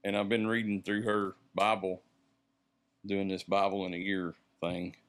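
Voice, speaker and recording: Guy with a real deep voice, kinda rambles and stops to find his words. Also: flat delivery, fairly bright tone. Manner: halting, rambling, searching for words. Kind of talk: casual church podcast chat.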